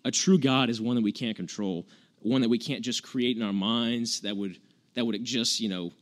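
A male preacher giving a relaxed, conversational sermon. He speaks at a middle pitch and retells old stories in modern, casual phrasing. He often restarts his sentences as he searches for words. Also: moderate pace. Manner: conversational, earnest, retells scripture in everyday words. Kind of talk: informal sermon.

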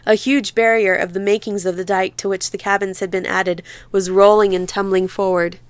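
A woman narrating a novel in a measured, vivid literary reading into a close studio mic. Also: medium pitch, little pitch movement, no echo. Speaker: audiobook narrator. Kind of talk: scripted narration.

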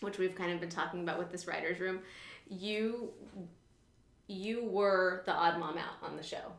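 A woman's voice: fairly low pitch, moderate pace, gravelly, fairly bright tone. A woman in her thirties hosting an interview, asking questions hesitantly with many fillers. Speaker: podcast host. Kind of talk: casual interview chat. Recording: echoey room.

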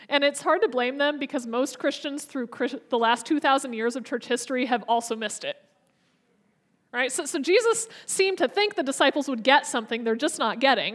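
Brief: young woman preaching, casual and conversational, high voice. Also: a bit bright. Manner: chatty, conversational, frequent restarts. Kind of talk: casual storytelling sermon.

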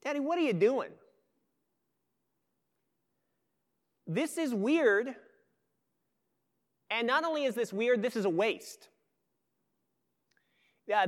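A man's voice: high-pitched, a bit bright, in a large hall. A man preaching acts out an exasperated eldest son who whines and questions his father in disbelief. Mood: incredulous. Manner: whiny, incredulous, pleading.

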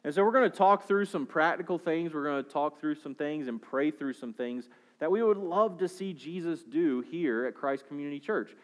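Man preaching a sermon, slightly high voice. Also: normal speed, few pauses. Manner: explanatory preaching with rhetorical questions, pace and volume rising and falling. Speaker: pastor.

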